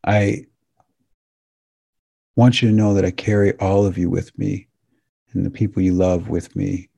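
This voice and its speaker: A deep-voiced man with a gravelly, husky edge speaks to his listeners in an earnest, emotional monologue. He stumbles and restarts often, and the recording sounds close and dry. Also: little pitch movement, measured pace, warm tone, no room sound. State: tearing up. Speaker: podcast host.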